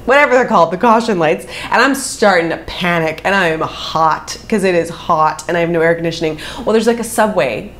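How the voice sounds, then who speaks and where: A woman's voice: brisk, hardly any pauses. Chatty woman telling a story. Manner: animated, chatty, acts out quotes with big pitch jumps. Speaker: vlogger. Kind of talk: casual storytime chat.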